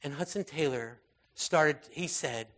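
A man with a slightly high voice preaches at a measured pace in a relaxed, conversational style. His sermon is full of fillers and restarts, moving between raised intensity and quiet, soft passages.

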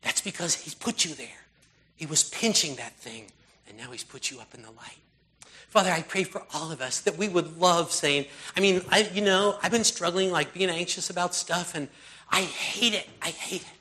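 Guy preaching and praying, kinda rambly, keeps restarting, bright voice sitting a bit high. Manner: rambling, halting, earnest, with many restarts. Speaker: pastor. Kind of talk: sermon and prayer.

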